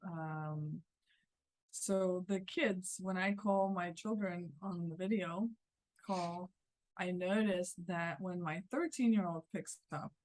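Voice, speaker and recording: A middle-aged woman guest sharing a thoughtful, measured observation in a casual chat, with playful touches. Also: fairly low pitch, darkish tone, dry recording.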